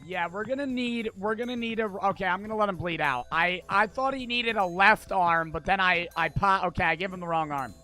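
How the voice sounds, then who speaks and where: Young male streamer, bright voice, frantic cursing gameplay commentary, faint music under. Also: high-pitched, brisk, hardly any pauses. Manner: loud, frantic, swearing outbursts.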